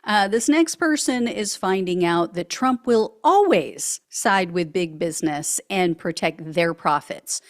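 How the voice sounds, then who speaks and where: A woman's voice: fairly low pitch, unhurried, few pauses. A woman hosting a political commentary show, reading social media posts aloud with sarcastic remarks and frequent laughs.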